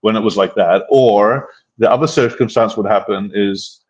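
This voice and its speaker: A man's voice: lowish voice, moderate pace, low-quality recording. A man hosting a casual chat, rambling through his own experiences with many restarts. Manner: rambling, frequent restarts and fillers. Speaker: host.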